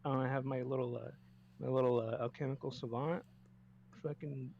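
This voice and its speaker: A man's voice: mid-range voice, steady tone, brisk, gravelly, darkish tone. A hesitant man playing a tabletop game, his voice coming through a dull, muffled mic with faint hum. He talks casually, stumbling over ums and apologizing. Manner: hesitant, many fillers, apologetic. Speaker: player.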